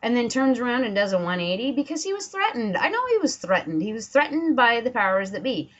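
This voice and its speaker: A woman's voice: fairly high pitch, sing-song, quick pace. Profane, indignant woman ranting on a lo-fi webcam. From Washington State. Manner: profane, indignant, sarcastic mock quotes. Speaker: political vlogger. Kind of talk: angry ranting monologue. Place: home, dogs barking nearby.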